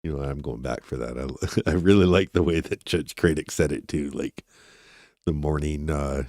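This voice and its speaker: A man with a very low voice hosts a true crime livestream in a loose, rambling way, often turning to talk with his chat. The sound is dry and close, with no room echo. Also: moderate pace, darkish tone. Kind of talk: casual livestream commentary.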